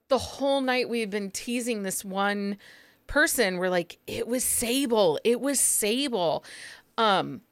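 A woman's voice: mid-range voice, fairly bright tone, smooth, dry recording. A chatty woman hosts a casual podcast conversation, talking freely and laughing often. Her voice sits in a middle register and is recorded close and dry, with no room sound. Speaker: podcast host. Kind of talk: casual chat.

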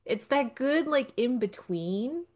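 A woman hosting a casual podcast chat, teasing her guest and adding quick agreeing remarks. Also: high-pitched, animated, darkish tone. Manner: teasing, gives lots of little agreeing noises. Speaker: podcast host.

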